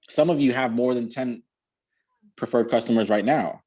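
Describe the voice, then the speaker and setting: A man with a husky, slightly rough voice delivers an energetic pep talk. He hammers his points home by repeating them, and the sound has the plain quality of a video call. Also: mid-range voice, normal speed. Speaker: guest speaker. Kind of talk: motivational talk.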